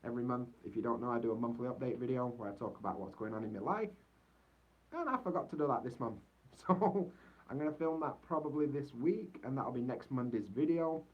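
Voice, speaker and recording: A man's voice: expressive, a little fast, slightly rough. Rambling English guy, muffled mic. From Yorkshire, England. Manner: rambling and easygoing, full of fillers like "so yeah". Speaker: vlogger living in Japan. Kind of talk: casual livestream chat. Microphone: poor-quality mic. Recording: dull, muffled low-quality mic.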